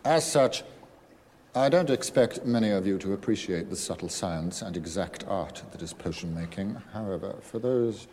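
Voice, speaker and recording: An actor playing a stern, cold male potions professor in a film scene, speaking slowly and deliberately with a menacing edge. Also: low-pitched, lively intonation, dark tone. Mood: coldly menacing. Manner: slow, deliberate, menacing delivery. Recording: film clip with long hall reverb and faint noise.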